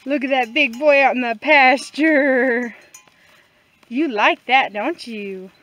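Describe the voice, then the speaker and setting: A woman's voice: sits high, slow pace, a bit bright. A woman homestead vlogger chatting casually outdoors in a pasture, cooing in baby talk to her goats and calling them in. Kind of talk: casual farm vlog chat.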